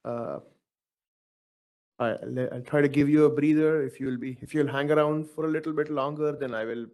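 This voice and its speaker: A man's voice: a little high, fairly even intonation, moderate pace, a little mellow. A man moderating a workshop on a video call with brief, friendly handoffs.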